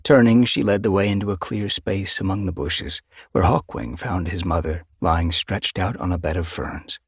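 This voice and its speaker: A man narrating an audiobook with steady, measured storytelling. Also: deep voice, slightly rough, dry recording, studio quality. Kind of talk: scripted narration.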